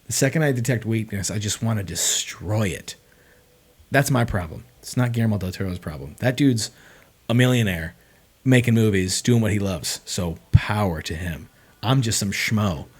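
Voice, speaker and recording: A young man chatting casually on a livestream, rambling and excitable, with lots of filler words. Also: fairly low pitch, normal speed, slightly rough. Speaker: streamer.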